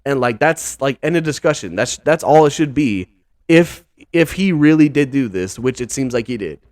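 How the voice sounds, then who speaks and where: A man's voice: medium pitch, expressive, normal speed, a little mellow, no room sound, clean studio sound. A young man hosting a casual podcast, talking loosely with lots of fillers, calling listeners dude and bro. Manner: loose and slangy, heavy use of filler words and 'dude', 'bro'. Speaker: podcast host.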